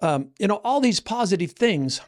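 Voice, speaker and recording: A man's voice: sits high, very animated, moderate pace. Earnest older man telling stories. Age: 60s. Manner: storytelling, earnest, with many restarts. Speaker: host, coach. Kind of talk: casual chat.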